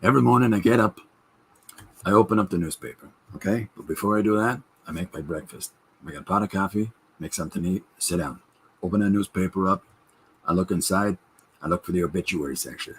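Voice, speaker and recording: A man doing a deadpan impression of a very old male comedian telling a dry joke. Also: low voice, fairly quick, slight background noise. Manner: deadpan storytelling.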